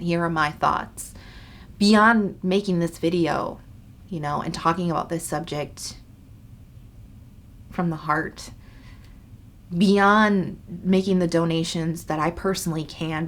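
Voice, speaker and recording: Woman vlogger, earnest and pleading to camera, slightly low pitch. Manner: earnest, pleading, repeats for emphasis. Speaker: skincare YouTuber. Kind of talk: earnest direct-to-camera talk.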